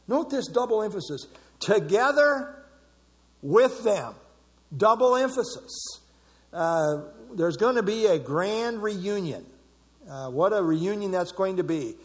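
A man's voice: high voice, big-room sound. A man preaching a sermon in a conversational way, repeating phrases for emphasis. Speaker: pastor.

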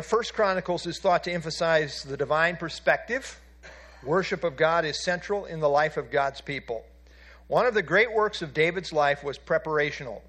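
A man's voice: fairly high pitch, a bit bright. A man teaching a Bible class, explaining from handout pages and asking his listeners questions, with frequent "uh" fillers.

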